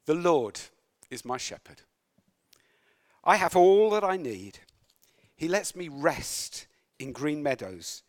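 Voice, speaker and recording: A man's voice: fairly high pitch, expressive, slow, long pauses. A man preaching a sermon, reading scripture aloud and breaking into conversational, wry asides and self-corrections.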